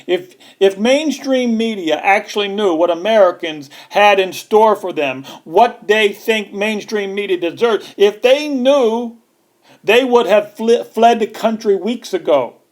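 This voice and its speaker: A man's voice: high-pitched, measured pace. A man giving a scornful, emphatic political rant over news footage, repeating his points for weight. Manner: scornful, mocking. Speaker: online political commentator.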